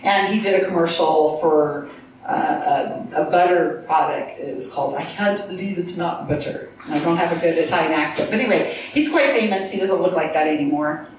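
A woman's voice: sits low, fairly quick, a little hiss or hum. A woman giving an earnest live talk with slides, speaking to an audience in a lecture room. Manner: earnest, talks to the crowd. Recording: echoey room from far off.

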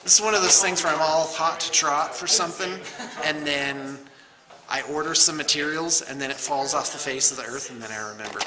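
Unboxing miniatures, the painting studio owner talks a little fast in a fairly high-pitched voice. He's middle-aged, casual and rambling, making self-mocking jokes over a noisy room recording.

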